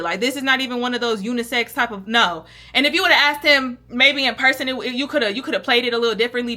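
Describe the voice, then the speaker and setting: High, bright-voiced young woman vlogger. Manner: animated, slangy and profane, acts out quotes. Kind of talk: casual storytime vlog.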